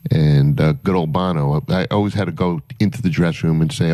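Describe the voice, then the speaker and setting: A man's voice: very deep voice, a little fast, hardly any pauses, mellow, dry recording. A man, a concert promoter guest on a morning radio show, telling rambling anecdotes with many fillers. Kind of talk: casual radio storytelling.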